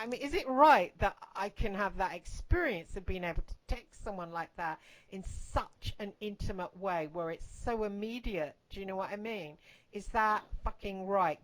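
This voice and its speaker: Woman, podcast host, casual storytelling, blunt and foul-mouthed, rambling asides, hushed intensity at times. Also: mid-range voice, poor audio.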